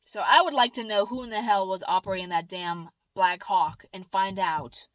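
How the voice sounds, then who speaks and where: A middle-aged woman talking straight to camera in a casual, rambling vlog, jumping from loud outbursts to soft asides. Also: medium pitch, moderate pace, no room sound, rough recording. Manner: rambling, emphatic, swings between loud exclamations and soft asides. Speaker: vlogger.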